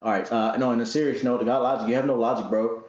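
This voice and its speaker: A man giving a casual religious commentary monologue, animated and talking in rough slang, often repeating words as he goes. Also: medium pitch, fast, reverberant, highs cut off.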